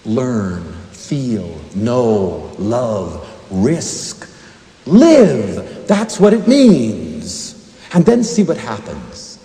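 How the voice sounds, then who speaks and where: A man giving an emotional, expressive inspirational lecture as a university lecturer, swinging between hushed and emphatic delivery. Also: mid-range voice, very slow. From United States. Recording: echoey lecture hall recording.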